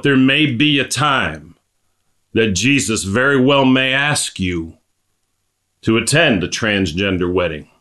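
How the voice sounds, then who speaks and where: A man in his forties, possibly from Texas, praying and then preaching in a halting way, repeating words and piling on fillers before turning emphatic. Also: on the low side, sharp tone. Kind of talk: prayer and sermon.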